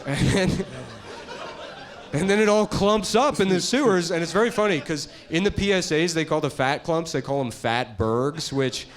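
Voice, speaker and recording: Deadpan man riffing over crowd laughter. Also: on the high side, normal speed. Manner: deadpan crude riffing, drops to mutters. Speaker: comedian. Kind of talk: stand-up comedy. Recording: audience laughter behind.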